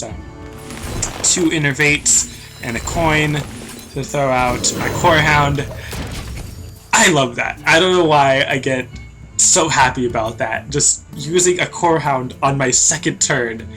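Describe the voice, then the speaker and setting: A young man casually commentating his own card game match, chatty and rambling, often breaking into giggles. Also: medium pitch. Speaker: gameplay commentator. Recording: music playing behind.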